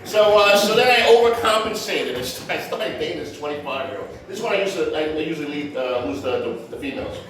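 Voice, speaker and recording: A man's voice: fairly high pitch, animated, fast, hardly any pauses, crowd noise. A middle-aged man doing a stand-up comedy set on a club stage, telling brash, self-mocking stories with street slang. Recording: roomy echo from far off.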